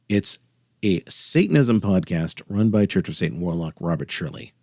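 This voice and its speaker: A man with a fairly low voice hosts his own podcast, talking straight into a close mic. His delivery is dry and sardonic, full of wry asides. The sound is dead and dry, with no room echo. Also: expressive, normal speed. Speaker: podcast host. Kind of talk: solo podcast monologue.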